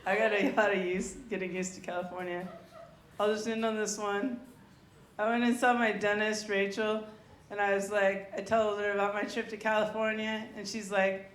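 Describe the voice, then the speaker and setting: A woman's voice: medium pitch, level tone, moderate pace, a bit bright. Chatty woman doing stand-up in an echoey club. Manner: chatty, rambling, talks to the crowd. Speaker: stand-up comedian. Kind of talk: open mic stand-up set. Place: comedy club stage. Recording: echoey club room, faint noise.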